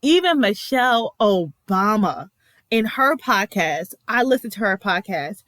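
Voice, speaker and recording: A woman's voice: mid-range voice, expressive, measured pace, a bit bright, no room sound. A young American woman giving a chatty, emphatic reaction commentary with many fillers and asides. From United States. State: emotional. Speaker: vlogger reacting to a TV episode.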